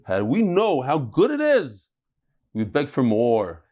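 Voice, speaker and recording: A man giving a daily Talmud lecture, explaining cases and telling jokes in a lively, storytelling way. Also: mid-range voice, slow pace. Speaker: Talmud teacher.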